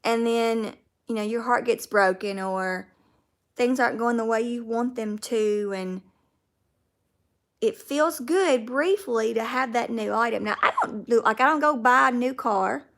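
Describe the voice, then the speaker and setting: A woman's voice: a little high, measured pace, a bit bright. A woman with a Southern US accent, hosting a casual livestream and chatting with viewers by name. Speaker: livestream host. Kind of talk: casual livestream chat reading viewer comments.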